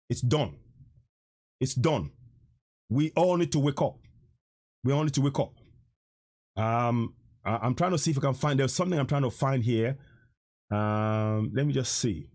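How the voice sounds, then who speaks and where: A man hosting a live stream, delivering a fiery, emphatic political rant and repeating lines for effect. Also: mid-range voice.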